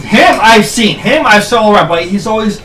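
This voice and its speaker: A man's voice: high voice, lively intonation, a little fast, a bit bright. A man casually telling a story on a podcast, laughing and swearing as he talks. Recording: roomy, distant mic with faint noise.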